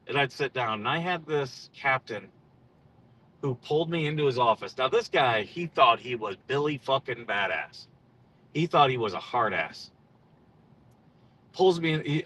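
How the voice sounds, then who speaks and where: A man with a bright, ringing voice tells stories from his days in the military as a casual stream host. He is blunt and profane, and quick to laugh. His pitch sits in an ordinary middle range. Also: animated. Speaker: podcast host and former Marine officer. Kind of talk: casual storytelling livestream.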